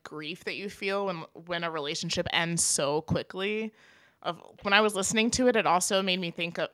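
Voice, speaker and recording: Bright, clear-voiced woman podcast host. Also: fairly low pitch, no echo, studio quality. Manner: enthusiastic, expressive fan talk. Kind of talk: casual chat.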